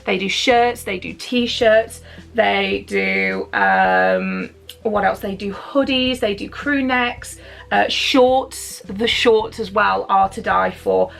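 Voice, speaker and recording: A woman's voice: medium pitch, very animated, takes it slowly, gravelly, fairly bright tone. A woman vlogger from the UK chatting enthusiastically through a clothing unboxing at home, rambling with fillers and a little out of breath. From United Kingdom. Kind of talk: casual unboxing chat.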